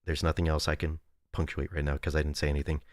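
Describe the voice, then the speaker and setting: A man's voice: rumbling low, little pitch movement, quick pace, a little hiss or hum. A young man streamer in rambling, jokey casual chat with his viewers at a desk indoors.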